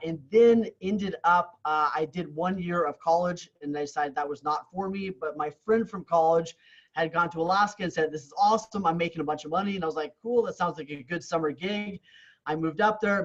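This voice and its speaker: This man's voice is on the high side, his pace moderate, the sound lo-fi. Appearing on a podcast, the real estate coach candidly and earnestly describes his Canadian upbringing, often restarting mid-thought and repeating words.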